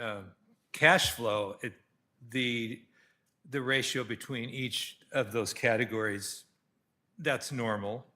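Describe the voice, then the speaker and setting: Halting, bright-voiced male council member. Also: mid-range voice. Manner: halting, many restarts and fillers. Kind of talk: council deliberation.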